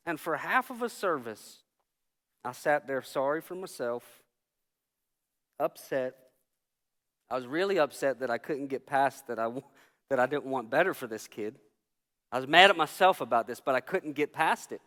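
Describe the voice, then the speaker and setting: A male pastor preaching a sermon, telling a personal story and swinging from hushed, quiet lines to shouted ones. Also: fairly high pitch, animated, normal speed. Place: church sanctuary. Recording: long church hall reverb.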